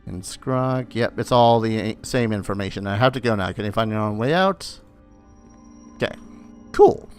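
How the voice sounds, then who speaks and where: A man's voice: fairly low pitch, lively intonation, moderate pace, soft background music. A man hosting a let's play, chatting casually over gameplay with rambling asides and dry humor.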